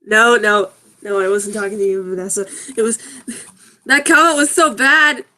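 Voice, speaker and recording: A woman's voice: mid-range voice, moderate pace, pushed and bright. A woman hosting a video, reading awkward fan fiction and comments aloud in a casual comic way, often laughing and sounding puzzled as she stumbles over the text. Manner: giggly, breaks into laughter while reading.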